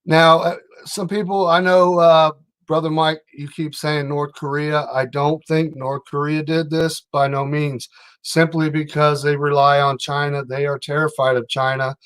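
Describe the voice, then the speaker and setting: A man's voice: a little high, flat delivery, unhurried, a bit bright, clean tone. A man hosting a casual livestream, rambling and reading out viewer comments as he talks. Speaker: livestream host.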